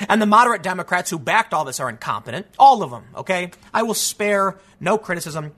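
A man's voice: high voice, animated, a little fast, fairly bright tone. A man giving solo political commentary as host, ranting in a frustrated, emphatic way with many restarts.

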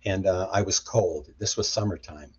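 Brief: middle-aged male guest, low husky voice, animated storyteller who acts out the quotes, slightly muffled audio. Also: moderate pace. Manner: animated retelling with acted-out quotes. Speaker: guest, deliverance minister. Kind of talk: storytelling interview.

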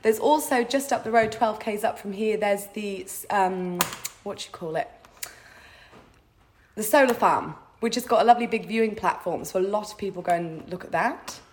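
A woman's voice: mid-range voice, moderate pace, a little hiss or hum. A woman from England with an English accent, a caravan park manager answering interview questions in a cheerful, easygoing way.

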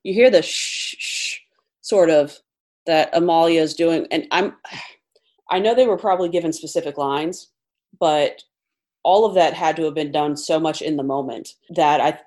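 Woman, podcast co-host, very low pitch, measured, thoughtful. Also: a little mellow. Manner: measured, thoughtful, speaks slowly. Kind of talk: casual podcast chat.

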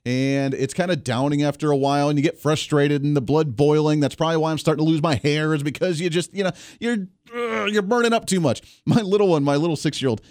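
He talks fast in a slightly high voice that stays steady in tone and leans darkish, with no room sound. A man in his thirties from Kansas, he hosts a radio talk show and speaks straight to his audience, chatty, upbeat and opinionated. The energetic monologue uses a studio mic, recorded dry with faint music.

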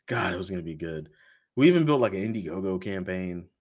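A podcast host tells a story in an easygoing, animated way, slipping into the voices of the people he quotes. His voice sits on the low side for a man. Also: fast talker. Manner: animated, acts out quoted dialogue with laughs. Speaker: podcast host being interviewed. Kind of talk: casual storytelling.

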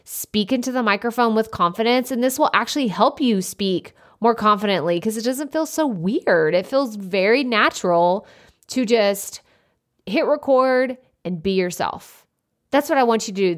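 A woman hosting a solo podcast, talking loudly and energetically in a casual, chatty way into a close microphone. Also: mid-range voice. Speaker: podcast host. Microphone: studio podcast microphone up close.

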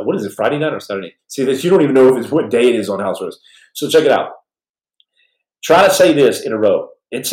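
In an echoey room, a podcast host with a medium-pitched voice tells stories on a livestream and reads chat questions. He rambles and jokes, swinging between loud bursts and soft mumbles.

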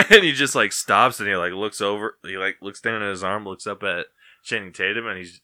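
A man's voice: fairly low pitch, normal speed, pushed and bright, no echo, clean studio sound. A man co-hosting a podcast, chatting casually and rambling with frequent laughter. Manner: laid-back, rambling, laughs often. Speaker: podcast co-host. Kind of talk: casual chat.

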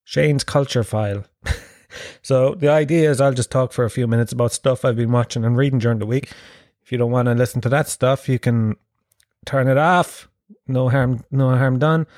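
A man's voice: medium pitch, fairly even intonation, moderate pace, a little mellow, no room sound. Sweary Irish man in his thirties, dry sound. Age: 30s. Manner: rambling, sweary, self-mocking. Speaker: podcast host. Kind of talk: casual comic storytelling monologue.

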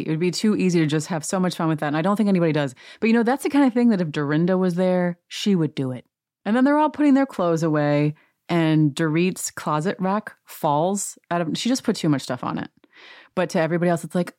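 A woman's voice: low voice, warm tone, no room sound, clean studio sound. A woman host casually recapping a reality show, sarcastic and rambling. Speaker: podcast host.

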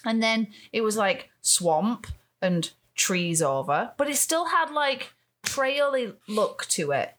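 A woman's voice: on the high side, expressive, slow, fairly bright tone. A woman co-hosting a casual podcast chat, rambling through stories with restarts and swearing. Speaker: podcast co-host.

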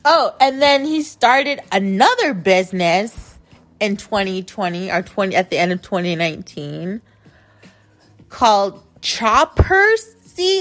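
Woman, podcast host, casual rant, slow delivery, profane, indignant, faint background music. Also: medium pitch. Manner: heavy use of filler "like".

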